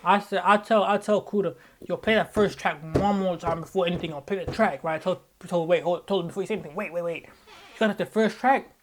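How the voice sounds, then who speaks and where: A young man from Australia, a musician, telling the story of his album event in a casual, excitable way, jumping between loud hype and quiet mumbled asides. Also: high-pitched, fast, slight background noise. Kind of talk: casual vlog recap.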